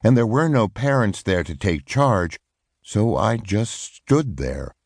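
Man, very deep voice, expressive pitch, solemn measured audiobook narration. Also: vocal fry, husky, no room sound, studio quality. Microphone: close studio microphone.

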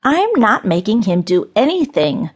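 Sly cruel witch, put on by a woman, slow menacing drawl, lively swoops, husky edge. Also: mid-range voice. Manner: slow, menacing, mock-gentle.

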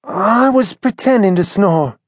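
A man's voice: high voice, lively intonation, measured pace, vocal fry, no echo, clean studio sound, pitched above the performer's own voice, exaggerated voice. A man doing a cheeky young sparrow boy. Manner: indignant, rustic slang.

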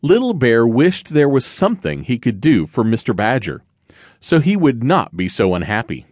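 A man reads a children's storybook aloud, gentle and expressive, his pitch rising and falling in a lively way. The recording is dry and close, with no room sound around it. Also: normal speed, no echo. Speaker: audiobook narrator.

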